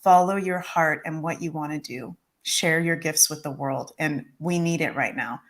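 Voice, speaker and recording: Emotional woman with a low voice. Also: moderate pace. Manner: emotional, heartfelt, says "like" often. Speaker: tarot reader. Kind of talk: livestream talk.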